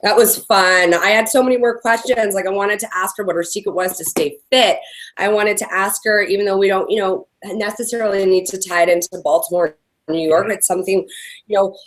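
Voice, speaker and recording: Chatty Californian woman co-host. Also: medium pitch. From San Francisco Bay Area. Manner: chatty, heavy use of "like" and "you know". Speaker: podcast co-host. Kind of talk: casual chat.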